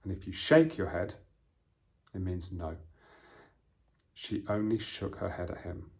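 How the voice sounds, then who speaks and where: A man's voice: deep voice, steady tone, measured pace, vocal fry, a little mellow. A man with a British accent, teaching English vocabulary to learners at a patient, explaining pace and acting out example sentences. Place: indoors, seated at camera.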